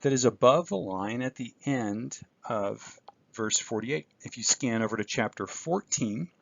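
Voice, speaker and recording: A man with a gravelly voice walks through a screencast lesson, methodical and patient, pausing with small fillers. The sound is dry and slightly dull, as if from a desktop mic. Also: mid-range voice, expressive, dry recording. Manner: methodical, explains step by step with fillers. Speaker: Greek instructor. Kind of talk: recorded lecture screencast.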